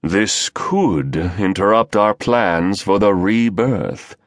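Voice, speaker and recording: A man doing a smug British baritone schemer. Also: dry recording, clean studio sound. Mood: scheming. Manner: measured, sneering, bold.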